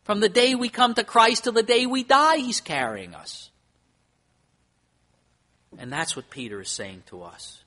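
A man's voice: sits high, big pitch swings, a little slow, pauses often, bright, forceful tone. A man preaching a sermon as pastor, earnest, with emphasis that rises and falls. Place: church.

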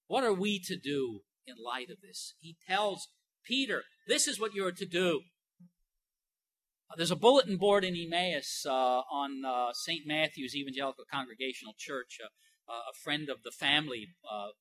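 A man's voice: a little high, pushed and bright. A man preaching a sermon in a conversational way, building to emphatic, rising passages. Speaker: pastor.

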